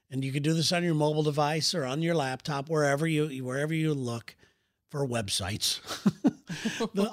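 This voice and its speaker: A man's voice: on the high side, dry recording, clean studio sound. A man co-hosting a comedy podcast about couples, chatting casually in a rambling, joking way that often breaks off and restarts. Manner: rambling, self-interrupting, joking. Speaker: podcast co-host. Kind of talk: casual chat.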